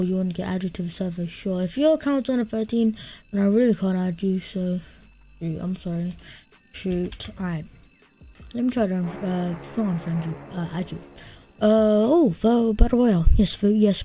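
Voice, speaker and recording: A woman streaming a game live, chatting casually, greeting and thanking viewers and muttering to herself as she plays. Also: lowish voice. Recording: clear steady background noise.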